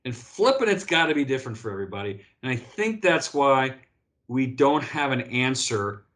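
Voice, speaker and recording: A man's voice: mid-range voice, normal speed. A man in his fifties, a guest in a casual interview, telling stories with lots of restarts and "right?" tags. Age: 50s. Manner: animated storyteller, frequent restarts and "right?" tags. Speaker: guest, former pro beach volleyball player.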